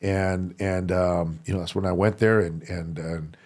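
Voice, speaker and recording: A man, a former deputy sheriff, telling animated stories in casual chat, slipping into Spanish for quoted family. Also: low voice, a little slow. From family from Sinaloa and Durango. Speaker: podcast guest. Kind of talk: casual storytelling.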